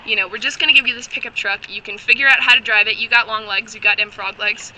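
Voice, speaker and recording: Woman as gruff, unwelcoming locals, blunt threats, bright voice. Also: fairly high pitch, steady tone, fast talker, a little hiss or hum, low-quality recording. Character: hostile small-town locals, blunt.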